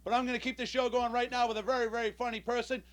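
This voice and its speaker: A man's voice: extremely high pitch, level tone, racing. A man hosting a local comedy show, hyping the crowd and introducing acts between sets. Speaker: show host. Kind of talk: emcee patter between acts. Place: small comedy club or cable access studio. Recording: music behind, local cable taping.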